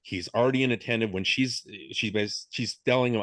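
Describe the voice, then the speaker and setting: A man's voice: medium pitch, fairly quick, a bit bright, no echo. A middle-aged man co-hosting a podcast, chatting casually about a film, self-deprecating and often checking in with "right?". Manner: self-deprecating, thinks aloud with frequent "right?". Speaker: podcast co-host.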